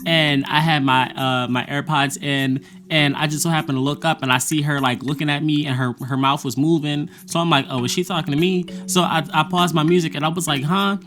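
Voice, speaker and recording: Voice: medium pitch, steady tone, a little fast, few pauses, fairly bright tone. A vlogger talking casually about a semester, blunt and profane, with frequent laughter. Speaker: vlogger recapping a college semester. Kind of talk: casual monologue.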